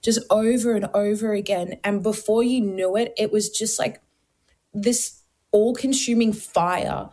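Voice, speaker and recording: A young adult woman, a guest on a faith talk show, tells her personal testimony in an earnest, lively way, full of casual fillers. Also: mid-range voice, measured pace.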